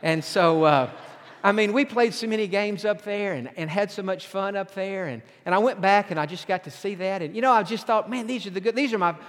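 A middle-aged pastor from Tennessee preaching a sermon, telling folksy stories with self-deprecating humor. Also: male voice, sits high, fairly quick, a bit bright. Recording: long hall reverb.

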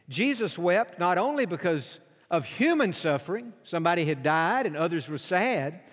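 A man with a notably high voice preaches a sermon from the pulpit of a large church. He tells stories in an earnest, heartfelt manner as a pastor. His words ring out with the long reverb of the big sanctuary.

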